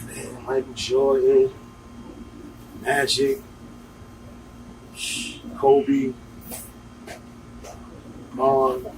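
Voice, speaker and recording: A man's voice: medium pitch, completely flat delivery, drawn-out words, pauses often. A man hosting a podcast, answering in short, laid-back replies during casual conversation. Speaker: podcast host. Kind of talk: casual interview chat. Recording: distant mic with room noise.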